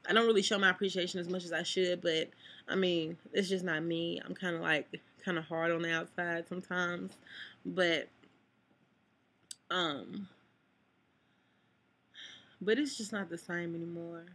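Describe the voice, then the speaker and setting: A young woman pours her heart out to her camera in a bright, clear voice. She rambles, loops back on herself and leans on "like" as she talks. At times she is close to tears. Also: lowish voice, steady tone, a little slow, pauses often. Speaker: vlogger. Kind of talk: emotional personal vlog talk. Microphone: camera mic.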